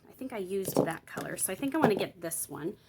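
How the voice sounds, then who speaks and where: A woman's voice: mid-range voice, animated, fast, background noise. A woman giving a casual tutorial on Bible journaling, chatting and thinking aloud while she works, explaining each step and checking in with her viewers.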